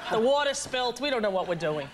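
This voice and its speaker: A woman with a high, bright voice hosts a live talk show, quick with playful jokes. A studio audience and steady noise fill the background. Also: crowd noise. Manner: joking, playful banter.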